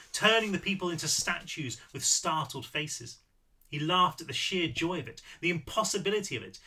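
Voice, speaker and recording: A man reads his own novel aloud in lively storytelling mode, now and then correcting himself. His voice is very bright and taut, pitched slightly high. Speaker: author reading his novel. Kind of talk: read-aloud narration.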